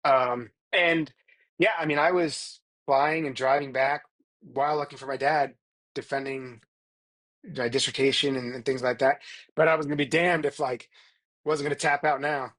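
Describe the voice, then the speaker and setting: Middle-aged guy on a podcast, earnest, keeps restarting his sentences, mid-pitched voice. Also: steady tone, moderate pace, a bit bright. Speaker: guest, performance psychologist. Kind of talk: casual podcast interview.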